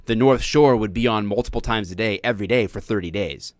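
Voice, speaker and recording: A man's voice: on the low side, fairly quick, dry recording. Rambling, jokey American man hosting. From United States. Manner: rambling, jokey, lots of fillers. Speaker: host of a live-streamed police talk show. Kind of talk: casual live-stream chat.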